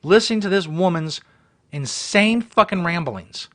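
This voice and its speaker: Male host, profane exasperated rant, somewhat high voice with big pitch swings. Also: expressive, measured pace, slight background noise. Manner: profane, exasperated ranting, swinging from mutters to yelling. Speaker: host reacting to a viral video. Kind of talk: ranting commentary.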